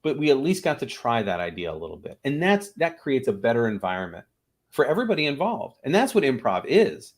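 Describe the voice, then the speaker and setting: A man's voice: medium pitch, sing-song, brisk. A man, an improv teacher and guest on the show, talking in a casual interview and acting out little voices in his stories.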